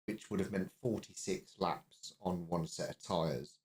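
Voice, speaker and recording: Man, very low voice, matter-of-fact, casual podcast co-host. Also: fairly even intonation, moderate pace, few pauses, darkish tone. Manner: brief, matter-of-fact, recites facts. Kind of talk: casual race recap chat.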